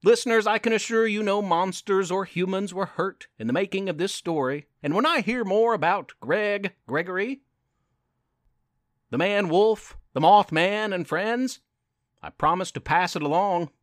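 A man narrating a podcast story and reading poems in a gentle, encouraging, playful way. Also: sits high, normal speed, dry recording, clean studio sound.

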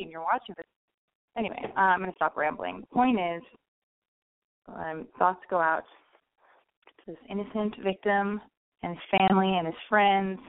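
Profane Valley girl podcast host. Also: lowish voice. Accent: Californian. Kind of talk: casual monologue. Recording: phone-like thin sound.

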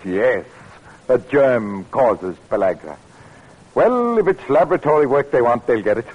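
An actor playing a determined middle-aged male doctor in a 1940s radio drama, speaking in an earnest, measured way with a husky voice. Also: medium pitch, sing-song. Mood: angry, resolute. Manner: earnest, measured, flares into anger. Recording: dull lo-fi old radio recording.

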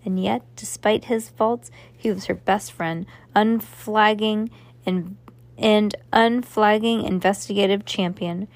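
A woman reading a children's novel aloud with steady narration, stumbling and restarting now and then. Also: mid-range voice, slow pace. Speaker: reader.

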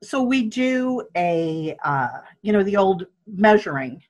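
An older woman telling a personal story in a casual interview, animated and acting out what people said. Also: medium pitch, slow pace, highs cut off. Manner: animated, acting out quoted speech. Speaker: guest.

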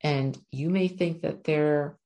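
A woman's voice: low voice, fairly even intonation, takes it slowly, warm tone. A woman working as a spiritual coach, giving an earnest, repetitive motivational talk to her viewers as she reads oracle cards. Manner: earnest, repetitive, often asks "right?".

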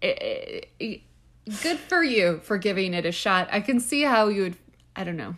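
A woman's voice: mid-range voice, very animated, moderate pace, fairly bright tone. A woman co-hosting a podcast in casual chat, reading aloud playfully with wry asides and laughter. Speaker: podcast co-host.

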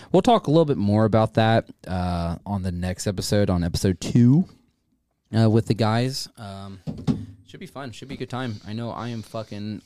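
A man co-hosts a casual podcast in a low, mellow voice, swearing freely and tripping over his words. His voice comes across smooth and close, with a dry, dead sound. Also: no echo. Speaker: podcast co-host.

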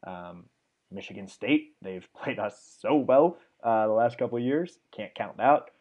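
A man's voice: fairly low pitch, expressive, unhurried, muffled recording. A young man hosting a sports podcast, chatting casually and reeling off stats with lots of fillers. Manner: enthusiastic, rattles off stats with fillers. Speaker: podcast host.

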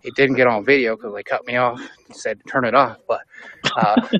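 A man's voice: mid-range voice, steady tone, a little fast, fairly bright tone, dull audio, lightly acted. A man playing a crude, boastful male survivalist vlogger in a comedic impression video, rambling and profane.

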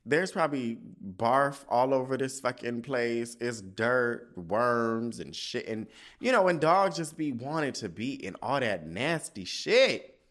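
A man hosting a casual solo podcast, ranting in an animated, profane way and acting out his own quoted asides. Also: medium pitch, a little slow. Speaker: podcast host.

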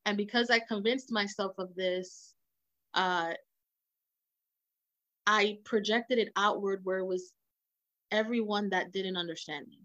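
A woman's voice: mid-range voice, fairly even intonation, measured pace, long pauses, a bit bright, no room sound, highs cut off. A woman co-hosting a casual podcast, speaking in a reflective, earnest way. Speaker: podcast co-host.

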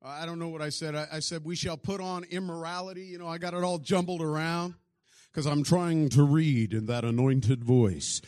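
A man preaching a sermon, telling stories and acting out the people in them, often swinging from quiet to loud. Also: fairly high pitch, fairly quick, dry recording, clean studio sound. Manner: storytelling, acts out voices with big swings in loudness.

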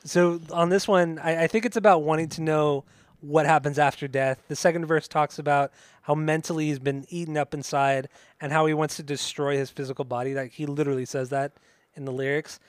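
A man's voice: on the high side, fairly even intonation, fairly quick, clear, resonant tone, no room sound. A man co-hosting a casual music podcast, swearing freely and sometimes singing along. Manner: profane, bursts into singing along. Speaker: podcast co-host.

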